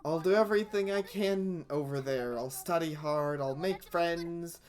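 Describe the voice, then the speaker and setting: A woman's voice: fairly low pitch, measured pace, darkish tone, natural voice. A woman voicing an earnest, eager teenage boy leaving home, reading a visual novel's lines. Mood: brave.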